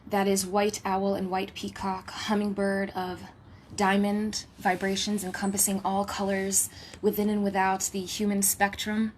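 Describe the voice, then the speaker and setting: Recorded at home with a little hiss or hum, a woman spiritual healer channels a message in a monotone, medium-pitched voice, speaking a little slowly. Her words are reverent and litany-like, sometimes falling to a hushed whisper, with playful asides mixed in.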